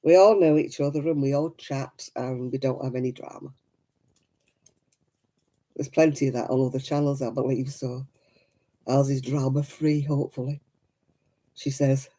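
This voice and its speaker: Middle-aged Lancashire woman, soft mellow tone, rough coughing throat, chatty and giggly stream host. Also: rumbling low. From Lancashire, England. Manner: chatty, giggly, addresses viewers by name. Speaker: crafting livestream host. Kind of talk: chatty live stream, reading chat.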